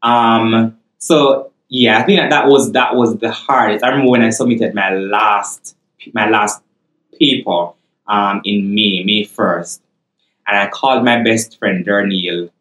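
A man with a Jamaican accent chatting on a podcast, telling a story with animated, laughing delivery. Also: fairly low pitch, unhurried, reverberant, rough recording. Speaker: podcast co-host. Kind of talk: casual podcast chat.

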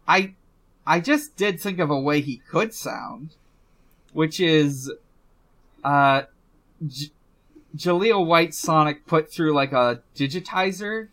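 Slow-talking man with a bright voice. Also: a little high. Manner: hesitant, many fillers and restarts. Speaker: podcast co-host. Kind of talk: casual podcast chat.

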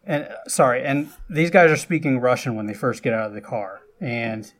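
A man casually retelling a film's plot for a podcast, chatty and loose, with frequent asides and lively bursts. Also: medium pitch, moderate pace. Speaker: podcast host recapping a film. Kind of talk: casual film recap.

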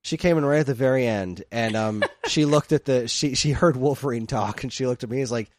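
A man co-hosting a podcast, telling stories in animated casual chat and laughing often. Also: medium pitch, a little fast, dry recording, clean studio sound. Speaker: podcast co-host.

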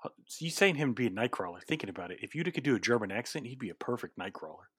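A man with a slightly husky, mid-pitched voice joins a relaxed conversation and chimes in with short replies. The recording is close and dry. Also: very fast, dry recording. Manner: short backchannel replies, easygoing. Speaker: co-host. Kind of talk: casual chat.

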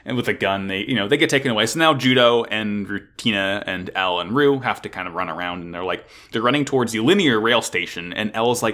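A podcast co-host with a lowish voice recaps an anime episode in casual chat, talking fast with hardly any pauses. Animated, he swears a lot and acts out the characters' lines.

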